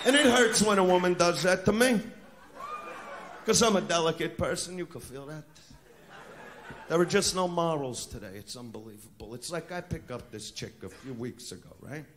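A man doing a crude stand-up routine in a brash manner, shouting his punchlines. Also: a little high, normal speed. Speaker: stand-up comedian. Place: comedy club stage. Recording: live club recording with crowd noise. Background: audience laughter and noise.

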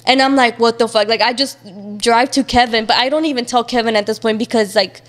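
A young woman in her twenties tells a personal story in a casual chat, her voice sitting a little high. She talks in quick run-on bursts, full of "like" and swear words. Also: steady tone. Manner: fast chatty, heavy use of "like", swearing. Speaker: guest.

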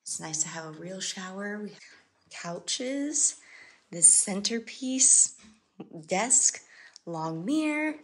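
Chatting outdoors with clear background noise behind her, a young woman travel vlogger narrates in a bubbly, casual way full of "like." Her medium-pitched voice is animated but slow, with long pauses.

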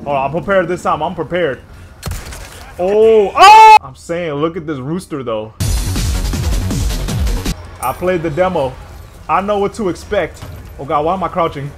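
A gamer giving loud let's play commentary, exclaiming, swearing and laughing often, with faint game music behind. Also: mid-range voice, big pitch swings, normal speed, long pauses.

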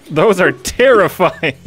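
A man's voice: high-pitched, a bit bright, slight background noise. Chuckling man streaming a game. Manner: chuckles often, joking. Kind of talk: casual let's-play chat.

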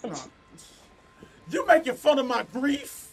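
A man co-hosting a let's play, talking loudly and dramatically and shouting at the game. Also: very high-pitched, animated, takes it slowly. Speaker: gaming channel co-host.

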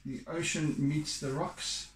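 A man thinking aloud as he demonstrates a drawing, musing and halting, with plenty of fillers. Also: fairly high pitch, steady tone. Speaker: art teacher. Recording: roomy room echo.

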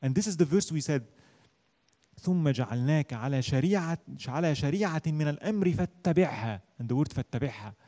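The teacher, who teaches Islamic studies, lectures a religion class emphatically with lively intonation, regularly asking and answering his own questions. Though high for a man, his voice is dark and mellow, and his Arabic verse recitation is quick.

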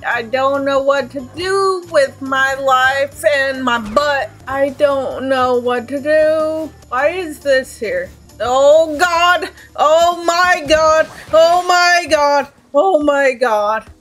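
Woman, high voice, slow delivery, anxious let's play commentary, repeated exclamations. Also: a bit bright. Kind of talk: casual gameplay commentary.

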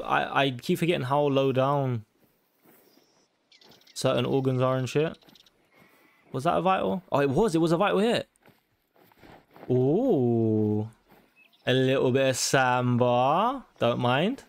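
A man's voice: medium pitch, lively intonation, slow pace, creaky, pauses often, dry recording. Sweary young gamer man. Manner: loud, sweary taunting at game animals. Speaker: gaming YouTuber. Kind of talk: casual gameplay commentary.

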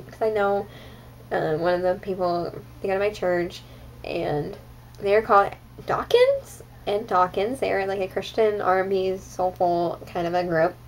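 A woman's voice: medium pitch, slight background noise, low-quality recording. Chatty young woman gushing to camera. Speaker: vlogger. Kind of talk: casual monthly favorites chat.

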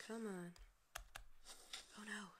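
Slow-talking woman narrating her gameplay. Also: medium pitch, steady tone, a little hiss or hum. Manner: chatty, dips into playful murmurs and whispers. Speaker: gaming video host. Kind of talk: casual let's-play commentary. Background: faint keyboard and mouse clicks.

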